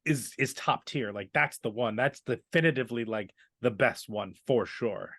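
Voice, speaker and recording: A woman co-hosting a podcast in casual chat, relaxed and hedging as she talks. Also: very deep voice, normal speed, husky. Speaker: podcast co-host.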